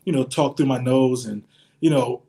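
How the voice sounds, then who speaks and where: A man's voice: medium pitch, normal speed, vocal fry, warm tone, a little hiss or hum. A man from Pennsylvania, a tech worker and veteran, talking earnestly on a panel with many you-knows. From Harrisburg, Pennsylvania. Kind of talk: casual panel chat.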